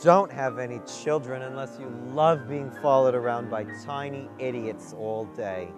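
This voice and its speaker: A man's voice: mid-range voice, normal speed, close to an everyday voice. A man playing a tipsy wine-mom talk show host in a live comedy sketch, handing out bossy, boozy advice. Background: piano music.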